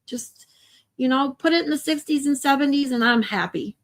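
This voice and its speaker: A woman's voice: sits high, normal speed. Emotional woman, swearing livestream host. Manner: emotional, swearing, chatty with viewers. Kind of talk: casual livestream chat.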